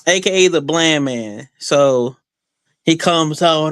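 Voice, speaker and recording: Speaking slowly in a smooth, somewhat high voice, a wrestler appearing as a guest on a casual podcast interview rambles through boastful trash talk, with many fillers and restarts. The recording is dry.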